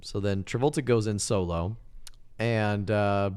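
A man's voice: a little slow, clear, resonant tone. A man in casual podcast chat, retelling a movie scene by scene and acting out the characters' lines in exaggerated voices. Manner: animated, acts out characters with big pitch jumps.

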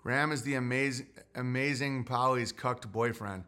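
A man's voice: medium pitch, fairly even intonation, normal speed, sharp tone. Grumpy sarcastic man ranting on a stream. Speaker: livestreamer reading super chats. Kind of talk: solo livestream rant.

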